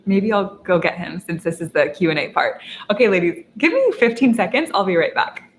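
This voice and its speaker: A woman's voice: medium pitch, very animated, brisk, a little hiss or hum, rough recording. A young woman hosting a casual livestream Q&A, upbeat and encouraging, talking straight to her viewers. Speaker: lifestyle coach and host.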